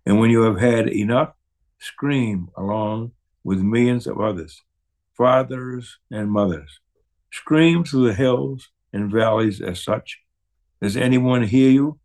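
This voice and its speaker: Male reader for a solemn poem, very slow, unhurried, weighty delivery. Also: mid-range voice, darkish tone. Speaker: poetry reader. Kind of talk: slow solemn poetry recitation.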